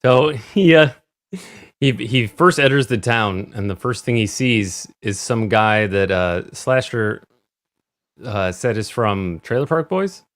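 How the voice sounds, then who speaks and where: A man's voice: on the low side, expressive, slow, fairly bright tone. A man co-hosting a casual movie podcast, steering the talk through the story scene by scene. He drops dry little jokes along the way. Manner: retells plot in order, dry asides. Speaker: podcast co-host. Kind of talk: casual movie-review chat.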